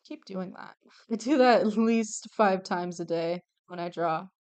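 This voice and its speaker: This young adult woman streams while drawing commissioned art, chatting casually in a smooth, unhurried, mid-range voice with a slightly mellow quality. She gushes over characters, swears freely, and often lets sentences trail off.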